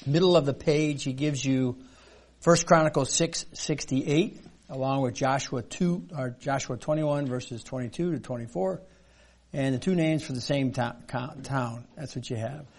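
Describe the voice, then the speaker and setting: A middle-aged man teaching a Bible study class, reading verses aloud and explaining them in a halting, unpolished way. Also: medium pitch, a little mellow. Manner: halting, many fillers and restarts, reads verses aloud.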